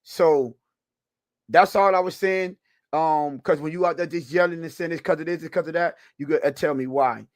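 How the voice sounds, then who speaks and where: Here a fairly high-pitched man speaks at a moderate pace, with no room sound. He co-hosts a football podcast streamed live, chatting casually with viewers in a loose, rambling manner full of restarts and frequent laughter.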